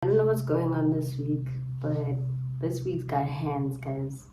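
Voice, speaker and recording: A woman's voice: low-pitched, measured pace, loud music behind the voice. A young South African woman talking casually to her camera, chatty and dramatic, slangy, laughing often. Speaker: vlogger. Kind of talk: casual vlog talk to camera.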